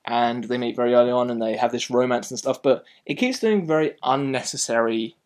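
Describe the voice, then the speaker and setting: A man hosting a casual film review, speaking at an ordinary mid pitch. He rambles in an animated way, restarting sentences often as he chats through his opinions. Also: brisk.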